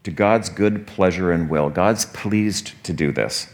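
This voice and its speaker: Man, pastor, very low voice, conversational sermon, checks in with listeners. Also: measured pace. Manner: conversational teaching, frequent "right?" asides.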